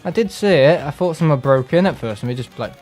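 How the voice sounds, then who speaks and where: A man talks loosely during a live gameplay stream, drifting from one tangent to the next. His voice sits a little high for a man, and he often slips into mocking impressions of other people. Faint game music plays underneath. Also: expressive, quick pace, a little mellow. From England. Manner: rambling, sarcastic, mimics other people in put-on voices. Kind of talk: casual live-stream chat while playing.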